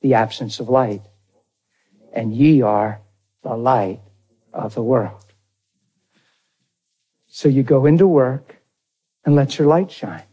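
A man's voice: mid-range voice, slow pace, long pauses, warm tone, slightly rough, muffled recording. A man pastor preaching a storytelling sermon in a folksy, conversational way, talking straight to his congregation.

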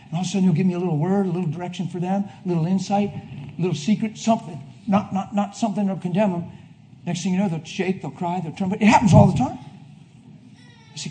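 A man preaches with fervent energy in a notably high voice, his delivery swinging from shouted declarations to quiet, intimate asides. Faint noise hums beneath the recording. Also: fast talker. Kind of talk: sermon.

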